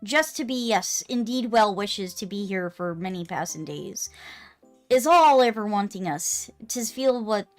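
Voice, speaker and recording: A woman reads out a quaint old forest spirit of a cozy game, fond and strange. Its words tumble out in broken archaic phrases, gentle and tender. Faint game music hums behind. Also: mid-range voice, animated, measured pace, lightly acted. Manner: archaic broken speech, affectionate. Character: quaint ancient forest creature, tender and odd.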